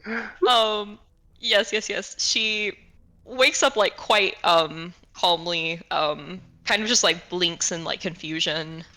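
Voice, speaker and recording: A woman's voice: lowish voice, takes it slowly, sharp tone. A woman playing a tabletop game, describing her character in a rambling, hesitant way. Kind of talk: casual game chat.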